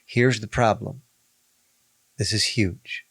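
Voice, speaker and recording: Emphatic rabbi, dry close sound. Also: male voice, fairly low pitch, steady tone, takes it slowly, gravelly, fairly bright tone, husky, no echo. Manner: emphatic, repeats key phrases, reads scripture aloud. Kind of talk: conversational podcast discussion.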